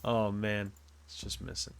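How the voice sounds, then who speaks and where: A man giving relaxed, offhand let's play commentary while playing a game. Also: lowish voice, a little slow, creaky, smooth. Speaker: gameplay commentator.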